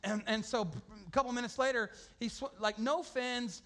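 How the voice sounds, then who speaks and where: A man preaching a sermon as an animated, humorous story, full of slang and sudden shouted outbursts. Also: very high-pitched, moderate pace. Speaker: pastor.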